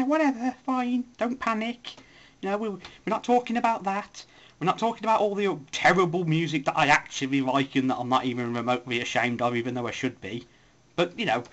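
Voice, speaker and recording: A man's voice: medium pitch, a bit bright. Rambling, self-mocking young man. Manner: rambling, self-mocking, puts on silly voices. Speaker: forum voice poster. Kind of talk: casual spoken post.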